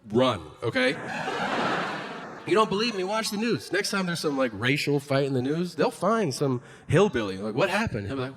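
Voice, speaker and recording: Animated man doing a stand-up set. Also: medium pitch. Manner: animated storytelling, acts out voices and shouts. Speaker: stand-up comedian. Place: comedy stage before a live audience. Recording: live room with audience noise.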